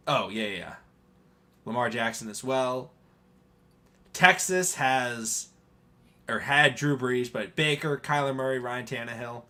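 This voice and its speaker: A man co-hosting a live stream chats casually about football, rambling and hesitant, laughing often. He's a podcast co-host with a mid-range voice and a sharp tone.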